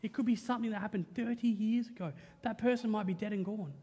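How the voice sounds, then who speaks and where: A young Australian man preaching a sermon as pastor, lively and joking in a conversational way, often checking in with "right?". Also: sits high, fast talker, slightly rough. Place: church auditorium. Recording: long reverb of a church hall.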